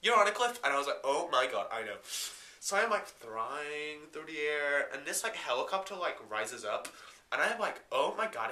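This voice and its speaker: A man's voice: a little high, bright, forceful tone, roomy sound, exaggerated voice. A man voicing a ditzy valley-girl woman who tells a wild car chase in breathless chatter full of "like" and "oh my God", in a comedy sketch.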